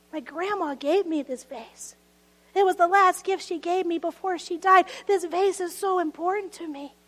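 A woman's voice: very high-pitched, measured pace, fairly bright tone, long reverb tail. A woman voicing a grieving mother who mourns a broken keepsake, heartfelt and tearful, within a sermon.

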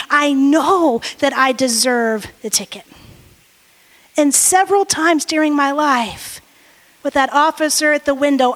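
A woman pastor in her forties, praying and preaching a sermon with earnest, lively storytelling. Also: sits high. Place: church sanctuary. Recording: reverberant church hall.

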